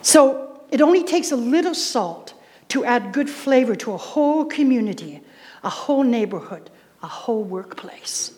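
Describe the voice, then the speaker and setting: A woman's voice: sits high, animated, normal speed, a little mellow. A woman preacher giving a sermon, emphatic, repeating key phrases and putting questions to the congregation. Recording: reverberant hall sound.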